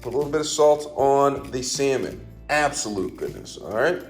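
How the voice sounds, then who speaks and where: A man's voice: medium pitch, normal speed, a little mellow, soft background music. A man giving a casual cooking demonstration at home, folksy and full of repeated catchphrases, dropping his voice on little asides. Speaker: home cook.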